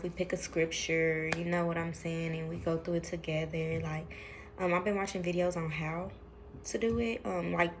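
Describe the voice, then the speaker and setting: Young woman vlogger, casual and meandering, says y'all a lot; slightly low voice, light background hiss. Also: vocal fry. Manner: rambling, chatty, lots of fillers; addresses viewers as y'all. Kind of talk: casual talking-to-camera vlog.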